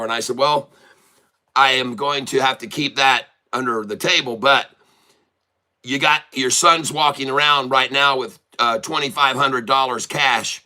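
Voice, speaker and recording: A man's voice: medium pitch, a little slow, bright, forceful tone. A man hosting a day-trading livestream who chats casually and tells rambling stories full of restarts. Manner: rambling, chatty anecdote telling with many restarts. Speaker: livestream day trader and channel host.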